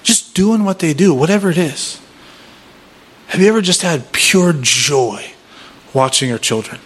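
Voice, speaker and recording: Husky yet fairly bright and on the high side, this thirtysomething man's voice is expressive and unhurried. Leading a workshop like a sermon, he tells self-deprecating family stories conversationally and asks the audience questions.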